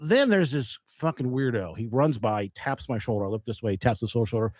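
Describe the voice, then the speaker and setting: Guy telling a bar story on a podcast, pitch bouncing all over, dry close sound, cusses a lot. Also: fairly quick, no echo. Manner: lively, animated, swears freely, laughs often. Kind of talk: casual storytelling.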